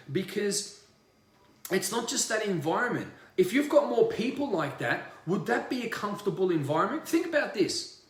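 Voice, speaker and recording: High-voiced man ranting, roomy echo. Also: animated, a little fast. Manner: emphatic, profane, repetitive. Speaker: spiritual coach. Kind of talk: ranting livestream monologue.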